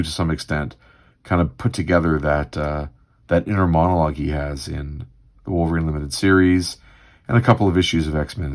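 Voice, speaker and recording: A man's voice: low voice, gravelly. A man hosting a comics read-through livestream, musing casually with many fillers.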